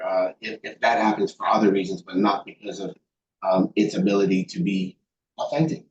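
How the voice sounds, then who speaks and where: Low-voiced man in a roomy, dull recording. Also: fairly even intonation, normal speed. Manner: thoughtful, many fillers and restarts. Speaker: guest expert. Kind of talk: interview answers. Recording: roomy, dull sound with faint background noise.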